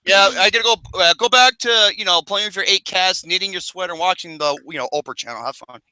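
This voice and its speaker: Podcast co-host, male, crude and teasing, very bright and sharp tone, dry sound. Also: sits high, fast, clean tone, no echo. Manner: profane, rowdy and teasing. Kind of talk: casual chat.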